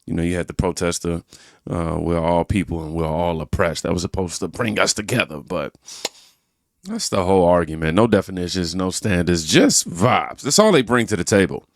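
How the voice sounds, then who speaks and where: Deep voiced guy doing reaction commentary, swoops around a lot, preachy, dry close mic. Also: expressive, moderate pace, no echo. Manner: emphatic, preachy, addresses viewers as y'all. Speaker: reaction channel host. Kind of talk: commentary on clips.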